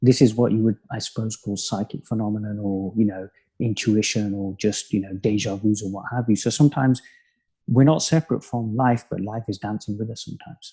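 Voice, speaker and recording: A man from the United Kingdom, a spiritual teacher, talking in a calm, musing way as a podcast guest, with many "you know" asides. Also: on the low side, a little fast, breathy edge. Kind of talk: reflective conversational podcast talk.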